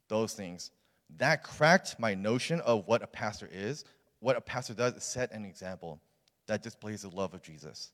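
Young male youth pastor, low-pitched, informal testimony with lots of "like" and "um", long hall reverb. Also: animated, normal speed, a bit bright. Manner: casual, earnest storytelling with many fillers. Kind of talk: personal testimony in a sermon.

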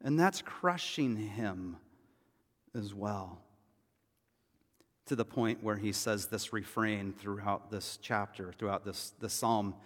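A man preaching a sermon as pastor, talking in a conversational way and often dropping to a hushed, intense tone. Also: fairly low pitch, takes it slowly, long pauses. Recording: church hall reverb.

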